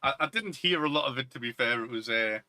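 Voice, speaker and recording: A man's voice: mid-range voice, animated, fast, pushed and bright. A man, co-hosting a casual film chat in a chatty, opinionated way. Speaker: podcast co-host.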